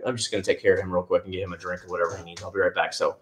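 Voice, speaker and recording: A man's voice: low voice, flat delivery, rapid-fire, fairly bright tone, a little hiss or hum. A man hosting a casual livestream from home, rambling and answering viewers' comments by name. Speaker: livestream host. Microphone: headset.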